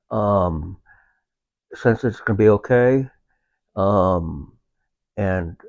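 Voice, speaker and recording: A man with a low voice speaks in a relaxed, halting way, often pausing to search for words. He talks as a veteran guest in a casual conversation. The sound is dry and close, with no room echo. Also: highs cut off. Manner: halting, unhurried, with many filler pauses. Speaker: veteran guest with a service dog.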